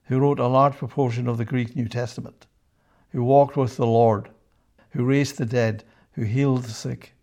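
A man delivers a sermon-style Bible teaching, his voice dark and gravelly. He presses his points hard, repeats key phrases and checks in with a quick "yeah?". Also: medium pitch. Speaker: preacher.

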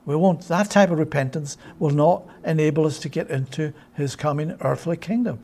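This preacher's voice sits on the high side and sounds warm. His sermon is emphatic and full of rhetorical questions, and he frequently checks on his listeners with a brisk "yeah?"

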